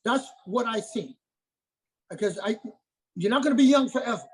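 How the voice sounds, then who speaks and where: A middle-aged man with a husky, slightly breathy voice speaks as a martial arts master in a casual interview. He drives his points home with repetition and keeps asking "okay?" to check that he is followed. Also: very high voice, lively intonation, moderate pace, poor audio.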